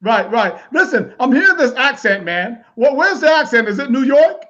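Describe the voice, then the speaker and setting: Chatty high-voiced male talk-show host. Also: sing-song, moderate pace, fairly bright tone, dull audio. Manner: chatty, repeats words, laughs easily. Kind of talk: live online interview show.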